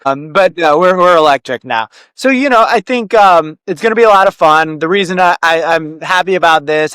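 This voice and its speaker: A man's voice: a little high, a bit bright, smooth, dry recording. A man being interviewed on a podcast as a company chief, easygoing and thoughtful, playing along with the host's jokes. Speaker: podcast guest, company CEO. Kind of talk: casual interview chat.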